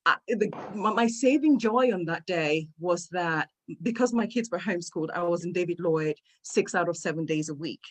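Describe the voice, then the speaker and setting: A middle-aged woman, a guest speaker on an online talk, earnestly telling a personal story and repeating words when it gets emotional. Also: on the low side. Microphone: video call microphone.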